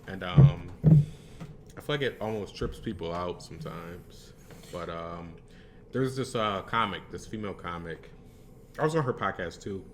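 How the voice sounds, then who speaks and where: A man's voice: sits low, expressive, a little slow, background noise. A man, a comedian hosting a podcast, telling stories in a laid-back casual chat, swearing and laughing often. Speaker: stand-up comedian, podcast host.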